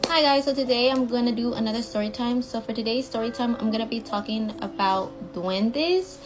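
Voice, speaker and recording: A young woman casually telling a personal story, blunt and swearing often as she rushes through the retelling. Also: fairly high pitch, over music, poor audio.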